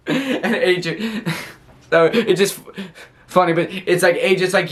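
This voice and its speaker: A man's voice: sits high, slow pace, long pauses, a bit bright. A man from the United States casually recapping a wrestling show, rambling and stammering with frequent laughs.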